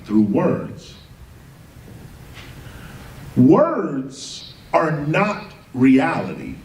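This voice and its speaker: Man lecturer, high lively delivery, unhurried, emphatic rhetorical questions; captured from a distance in an echoey hall. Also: a little hiss or hum. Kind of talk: animated lecture to an audience. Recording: roomy, distant live lecture recording with faint ambience.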